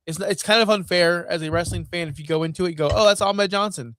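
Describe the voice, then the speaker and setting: Chatty podcast co-host, slightly high voice. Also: male voice, steady tone, fast talker, fairly bright tone, no room sound. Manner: conversational, thinks aloud with fillers. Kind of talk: casual wrestling podcast chat.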